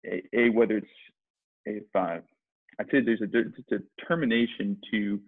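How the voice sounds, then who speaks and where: A lowish, husky male voice comes through a thin, phone-like line with a dry sound. He is a sales rep guest on a podcast interview. He rambles, restarting his sentences as he thinks aloud. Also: steady tone, moderate pace, no echo. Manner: rambling, many restarts and fillers. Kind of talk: conversational interview.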